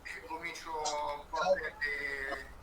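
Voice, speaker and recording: A man's voice: fairly high pitch, flat delivery, measured pace, echoey room, background noise. A man with an Italian accent, a player giving a hesitant, self-critical post-match interview.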